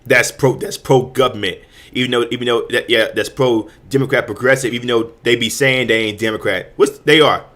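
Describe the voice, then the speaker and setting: A man's voice: medium pitch, steady tone, a little fast, a bit bright. Heated stammering man ranting. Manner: heated, repetitive, stammering restarts with frequent profanity. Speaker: host. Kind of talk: ranting commentary.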